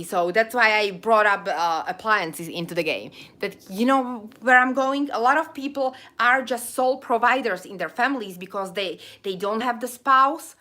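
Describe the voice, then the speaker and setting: Emotional and ranting, this livestream host breaks off now and then to read what her viewers type in chat. She speaks with a noticeable accent she describes as funky. The woman's voice is medium in pitch, bright and forceful.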